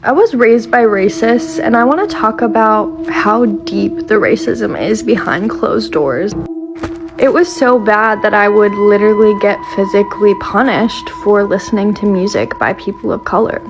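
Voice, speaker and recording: A woman's voice: medium pitch, moderate pace, over music. A woman earnestly telling a personal story to camera.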